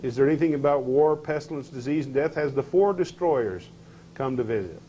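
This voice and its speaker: A man's voice: mid-range voice, a little fast, warm tone, lo-fi sound, slight background noise. A man teaching a scripture class, questioning his listeners and reading verses aloud with rising emphasis.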